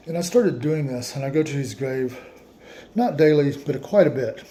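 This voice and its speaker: A man's voice: medium pitch, lively intonation, moderate pace, dark tone, slight background noise. A man telling a long personal story in a casual, rambling way, often restarting his sentences. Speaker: vlogger.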